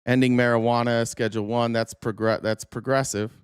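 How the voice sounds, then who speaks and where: A man live-streaming, arguing his points in a quick, rapid-fire rant. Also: mid-range voice, level tone, smooth, dry recording, studio quality.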